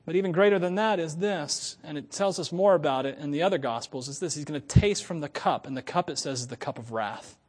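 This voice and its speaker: A middle-aged male pastor preaching a storytelling sermon, moving from hushed asides to loud preaching and laughing at his own tales. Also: fairly high pitch. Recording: long reverb from a large hall.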